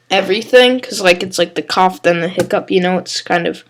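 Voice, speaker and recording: A woman's voice: on the low side, moderate pace, heavy background noise. A young woman hosting her own baseball channel, talking casually with many fillers and restarts, while coughing and hiccuping. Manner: rambling, filler-heavy, self-correcting. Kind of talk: casual solo commentary.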